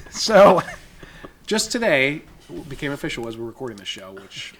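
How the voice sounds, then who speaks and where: A man hosting a casual chat, leading topics and bringing in the news quickly. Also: mid-range voice, sing-song, crowd noise. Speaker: host.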